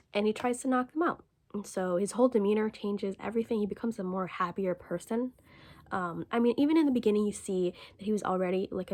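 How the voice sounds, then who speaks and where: A young woman talks through a manga she just read in a loose, rambling way, full of ums and offhand swearing. Her voice has a gravelly fry to it. She sits at a middle pitch for a woman. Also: a little mellow. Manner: acts out the character's lines in quotes. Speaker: manga reviewer. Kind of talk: casual spoken review.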